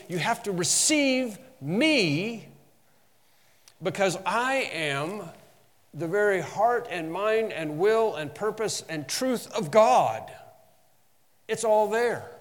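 Man preaching in a reverberant hall. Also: lively intonation. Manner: earnest teaching, slows down to stress key phrases; asides drop to a lower, quieter tone. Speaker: pastor. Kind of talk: sermon.

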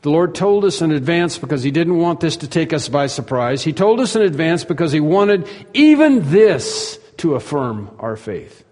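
A man's voice: a little high, sing-song, normal speed, few pauses, a little mellow, in a large hall. A man preaching an expository sermon, emphatic and repeating himself, and voicing the disciples' questions. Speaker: pastor.

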